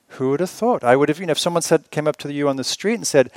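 Guy teaching meditation at a retreat, chatty and gently funny, asks lots of questions, dry close sound. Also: a little high, fast, hardly any pauses, no room sound. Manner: conversational, rhetorical questions, gently humorous. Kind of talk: retreat dharma talk.

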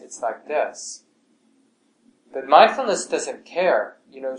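Man, meditation teacher, calm and unhurried, voice often fades soft; roomy recording with faint hiss. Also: mid-range voice. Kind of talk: talk to a meditation class. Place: class room at a meditation center.

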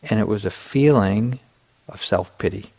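A middle-aged man giving a meditation dharma talk, telling a personal story in a relaxed way with many fillers and restarts. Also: lowish voice, measured pace. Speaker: meditation teacher.

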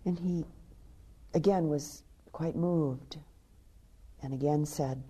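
A woman meditation teacher giving a dharma talk. She tells a teaching story softly and drops into hushed, half-whispered passages. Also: low voice, slow, slightly rough.

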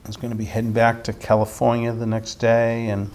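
Animated man telling a dharma story. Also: medium pitch, a little fast, a little hiss or hum. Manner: animated storytelling with frequent restarts. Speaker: meditation teacher.

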